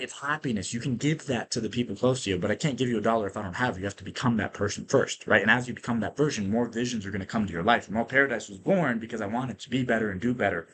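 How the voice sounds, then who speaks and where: A man hosting a podcast, telling stories in an energetic, casual monologue that is full of profanity and tag questions like "right?". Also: mid-range voice, husky. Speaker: podcast host.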